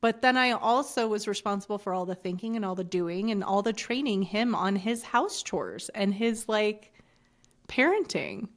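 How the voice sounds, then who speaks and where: A middle-aged woman with a gravelly, fry-laden edge talks candidly as a podcast guest. She tells her story bluntly, swears freely and acts out the lines of others. Her pitch sits in an ordinary middle range. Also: lively intonation, normal speed.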